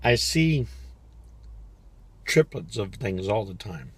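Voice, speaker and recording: A man's voice: lowish voice, sing-song, takes it slowly, slightly rough, dry recording. An older man casually telling a rambling personal story as a vlogger, sitting in his parked car, chatty and laughing as he talks. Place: parked car in a parking lot.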